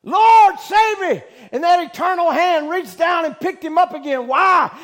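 A male preacher delivering a fervent sermon, shouting out loud cries and then dropping to hushed talk. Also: extremely high pitch, moderate pace.

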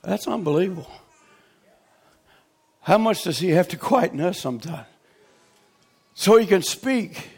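A man preaching a revival sermon, swinging from shouted exhortation to hushed, near-whispered tenderness. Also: sits high, animated, unhurried, pauses often, breathy edge.

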